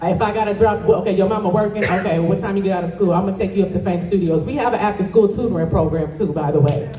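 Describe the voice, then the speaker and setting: A woman's voice: mid-range voice, quick pace, dark tone. A woman from Toledo, Ohio, giving a passionate, emphatic motivational speech as a guest speaker and addressing the crowd directly. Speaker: guest speaker and dance studio owner. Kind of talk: motivational speech to a live audience. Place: event hall, indoors. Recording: echoey hall from far off.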